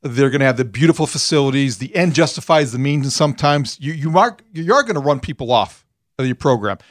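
A man's voice: medium pitch, expressive, fast talker. A man hosting a sports talk show, speaking earnestly and emphatically about college football. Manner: earnest, emphatic, laughs easily. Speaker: sports radio host, former college football player.

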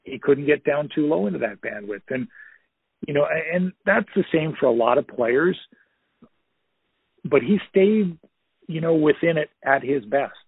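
A former hockey player in his fifties tells long anecdotes over the phone, rambling and full of fillers. His voice is husky and middle-pitched, and the line sounds thin and tinny. The sound is dry. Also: animated, a little slow, pauses often, no echo. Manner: rambling, many "you know" fillers, anecdotal. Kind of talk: casual storytelling interview.

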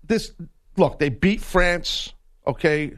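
A man's voice: high-pitched, slow pace, a bit bright. A man co-hosting a sports radio show, talking in an emphatic, argumentative way. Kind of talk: casual sports radio chat.

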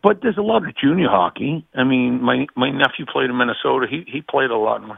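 Gravelly Boston caller on a tinny phone line. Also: male voice, mid-range voice, animated, fairly quick, no echo. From Boston area. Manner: rambling, repeats words. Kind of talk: casual chat on a phone call.

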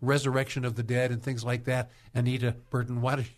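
Male radio host, christian talk show, folksy, repeats words, mid pitch. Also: level tone, quick pace.

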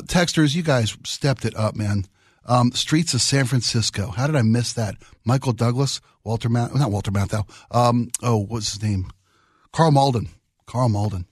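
A man's voice: medium pitch, dry recording, studio quality. A middle-aged man hosting a radio show, chatting casually and enthusiastically, rambling about old television. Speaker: radio host. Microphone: studio microphone.

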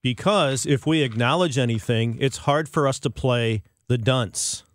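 A man's voice: mid-range voice, unhurried, dry recording. Male co-host, blunt and emphatic, dry studio sound. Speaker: radio sports co-host. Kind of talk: sports radio talk. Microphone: studio microphone.

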